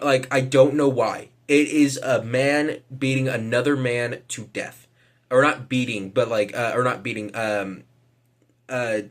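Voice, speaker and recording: A man's voice: medium pitch, a bit bright. A man giving casual vlog commentary, hesitant, with lots of fillers and casual swearing. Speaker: vlogger.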